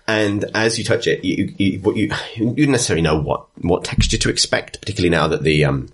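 Low husky game master narrating. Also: male voice, fast. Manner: rambling, full of ums and restarts. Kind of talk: improvised tabletop narration.

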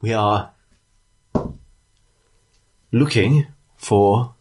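A man voicing a nervous, charmed male alchemist who speaks haltingly and stammers. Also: fairly low pitch, a little mellow, husky, pitched above the performer's own voice, heavily acted. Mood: anxious.

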